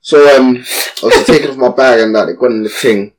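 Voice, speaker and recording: A young man, telling a slangy, animated story as a podcast co-host. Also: medium pitch, fast. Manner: animated, slangy, acts out voices in his stories. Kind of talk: casual storytelling chat.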